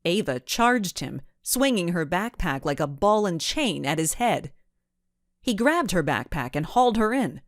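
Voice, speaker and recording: A woman narrating a children's storybook in an expressive, measured way. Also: on the low side, dry recording, studio quality. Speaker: audiobook narrator.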